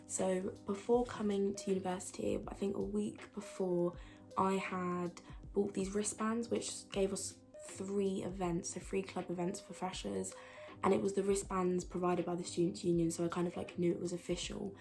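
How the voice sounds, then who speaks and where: A woman's voice: mid-range voice, flat delivery, moderate pace, creaky, darkish tone, soft background music. A young woman from England, a student vlogger chatting casually to camera, rambling with lots of fillers and restarts. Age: young adult.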